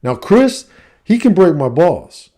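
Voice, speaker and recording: A man's voice: high-pitched, slow pace. Blunt, cursing middle-aged man. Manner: profane, blunt, animated. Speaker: vlogger and coach. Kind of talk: casual storytelling rant.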